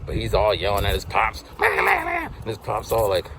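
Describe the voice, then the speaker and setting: A man in his forties, an English teacher, casually telling stories in a vlog and acting out quotes with big jumps in pitch. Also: huge pitch swings, measured pace, fairly bright tone, slight background noise. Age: 40s.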